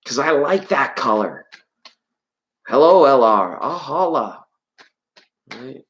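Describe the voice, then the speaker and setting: Live tarot host, loose and playful, jokes while greeting chat, voice leaps high when worked up. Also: big pitch swings, slow, a bit bright, rough recording. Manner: rambling, playful and jokey; greets and answers viewers from chat. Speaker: tarot reader hosting a live stream. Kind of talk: live-stream chat with viewers.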